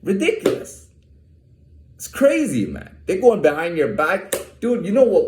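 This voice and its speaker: Worked-up guy ranting and cursing, voice jumping all over, fairly high, roomy echo. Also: wildly swooping pitch, unhurried, pauses often, darkish tone, slight background noise. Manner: agitated ranting, swearing, repeated restarts. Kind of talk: profane monologue to camera.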